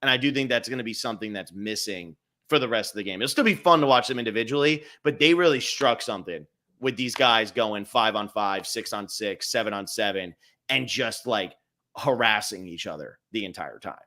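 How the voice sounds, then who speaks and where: A man co-hosting a casual reality show recap, animated and laughing often. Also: fairly low pitch, brisk. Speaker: podcast co-host. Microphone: video call.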